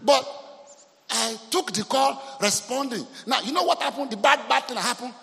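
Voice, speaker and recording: Nigerian pastor preaching in a reverberant hall. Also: male voice, very high voice, normal speed, vocal fry. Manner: storytelling, animated, mixing in Yoruba phrases. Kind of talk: sermon. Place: church hall.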